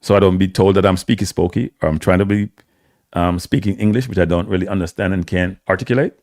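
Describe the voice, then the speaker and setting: In a low, steady, darkish voice, a man with a Jamaican accent delivers quick, opinionated solo football commentary in studio-quality audio with no room sound. Emphatic, he repeats phrases for stress and slips into patois.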